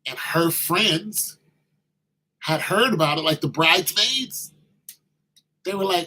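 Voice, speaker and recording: A man telling a story in a casual monologue, animated and slangy, acting out the quoted voices. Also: on the high side, measured pace, long pauses, husky, rough recording.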